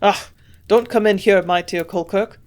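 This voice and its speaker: A woman reading the part of a gruff, shrewd old German scientist in a storybook reading, speaking in a put-on German accent. His remarks come out blunt and grunting, pushed a little louder than the narration around them, with a middling pitch. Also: steady tone, unhurried, close to an everyday voice.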